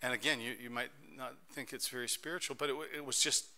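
A middle-aged man preaching a sermon as pastor, telling stories in an animated way that swings between soft and loud. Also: mid-range voice, fast.

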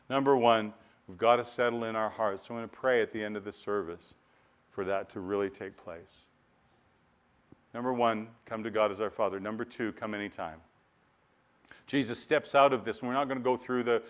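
Man preaching earnestly, often repeating himself. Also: on the low side. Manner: earnest preaching with repetitions and restarts, animated storytelling asides. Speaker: pastor. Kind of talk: sermon.

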